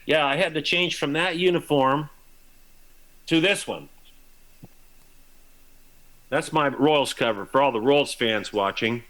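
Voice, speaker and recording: An older man, a former ballplayer, telling lively anecdotes in a broadcast interview and acting out the lines he quotes. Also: a little high, takes it slowly, pauses often, rough recording. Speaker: guest, former baseball player.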